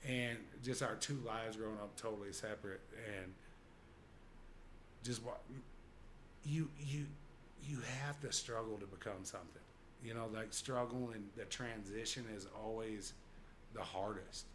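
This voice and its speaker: A man's voice: fairly low pitch, unhurried, fairly bright tone, a little hiss or hum. A young man chatting on a podcast in a loose, rambling way, full of "like" and "you know". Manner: rambling, heavy use of "like". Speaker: podcast guest. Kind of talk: casual podcast chat.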